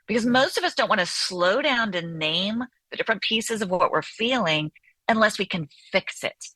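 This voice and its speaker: A woman's voice: mid-range voice, lively intonation, moderate pace, pushed and bright, no echo. A woman therapist and author being interviewed on the radio, explaining animatedly and often checking in with "right?".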